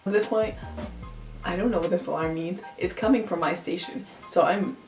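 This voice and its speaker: A young woman vlogger with a lowish voice tells a storytime tale at normal speed, chatty and saying "like" constantly. The room is echoey, the mic distant, and faint music plays.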